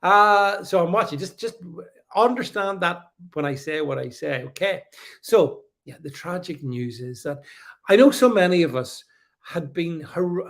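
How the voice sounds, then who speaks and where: A middle-aged man hosting a casual livestream, talking in a sarcastic, mocking way and laughing often. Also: a little high. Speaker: livestream host.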